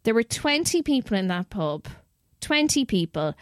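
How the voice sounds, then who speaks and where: A young Irish woman telling a story in a chatty, animated way, swearing freely as host of a podcast. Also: on the high side, moderate pace, dry recording, studio quality. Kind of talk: casual storytelling.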